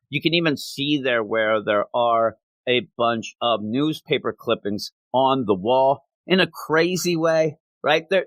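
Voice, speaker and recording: A man's voice: medium pitch, a bit bright, no room sound. A man hosting a comic book podcast, recapping a story in a conversational way and quoting characters' lines as he goes. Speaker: podcast host. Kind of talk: casual comic book review.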